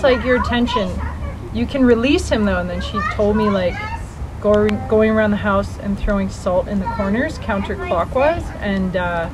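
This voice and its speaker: Chatty woman telling a ghost story. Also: medium pitch. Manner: storytelling, animated quotes. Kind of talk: casual chat. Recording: loud crowd noise behind.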